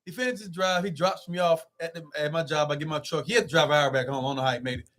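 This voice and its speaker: A young man telling a road story in casual, animated talk, swearing as he goes. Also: on the high side. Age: young adult. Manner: animated, swearing, quick rambling with loud swings. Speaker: guest.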